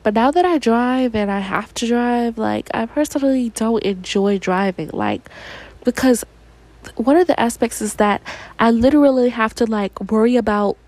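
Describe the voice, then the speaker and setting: Young american woman rambling on her podcast, kinda high voice, says like a lot. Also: normal speed, a little mellow, no room sound, low-quality recording. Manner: rambling, chatty, heavy use of "like". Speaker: podcast host. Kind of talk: casual solo podcast chat.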